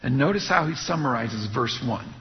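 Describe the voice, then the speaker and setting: A man preaching an expository sermon, teaching in a measured way and asking his listeners rhetorical questions. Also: mid-range voice, animated. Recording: muffled recording with long hall reverb.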